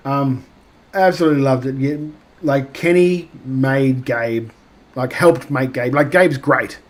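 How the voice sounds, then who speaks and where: An Australian man in casual podcast chat, rambling through his thoughts with plenty of fillers and false starts. His voice sits at an ordinary middle pitch. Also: unhurried. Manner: rambling, filler-heavy, lots of restarts. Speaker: podcast co-host.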